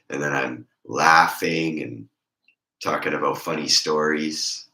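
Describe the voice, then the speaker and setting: A man chatting casually on a stream with a congested throat, talking in a slow ramble; his voice squeaks and crackles when he raises it. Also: sharp tone, reverberant.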